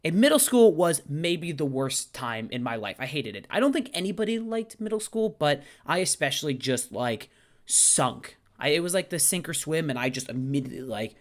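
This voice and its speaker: A young man telling a story casually to camera, self-deprecating and animated, often swearing and acting out the people he quotes. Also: fairly high pitch.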